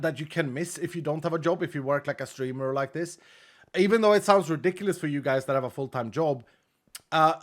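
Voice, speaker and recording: A male streamer chatting casually and thanking viewers, his voice held back and subdued because an injured rib keeps him from pushing it. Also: a bit bright. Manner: low-key, chatty, thanks viewers one after another. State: subdued, unable to push his voice from a cracked rib. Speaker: streamer reading out donations. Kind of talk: casual livestream chat.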